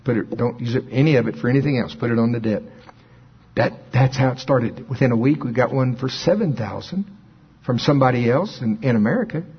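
An older man preaching, telling a story with lively quoted dialogue, his voice jumping high when he acts out phone calls. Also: a little fast, breathy edge, lo-fi sound. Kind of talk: sermon storytelling.

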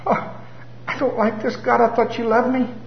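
A man voicing the whiny, self-pitying inner voice of the flesh, pitched well above his own. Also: little pitch movement, moderate pace, creaky, slight background noise. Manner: pitiful, whining. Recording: roomy, slightly dull sound.

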